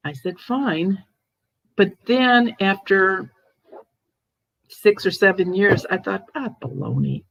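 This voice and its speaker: An older woman tells stories in a chatty, lively way, stopping and restarting as she goes. Her voice sits at a middling pitch. The sound is dry and close, with no room echo. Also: slow pace, vocal fry, pauses often. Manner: chatty, animated storyteller with laughs and restarts. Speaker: host, ghost medium. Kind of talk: casual chat, storytelling.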